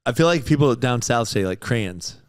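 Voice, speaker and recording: A man's voice: mid-range voice, expressive, quick pace. A man co-hosting a podcast, chatting casually in an easygoing way with lots of fillers. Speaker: podcast co-host. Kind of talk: casual chat.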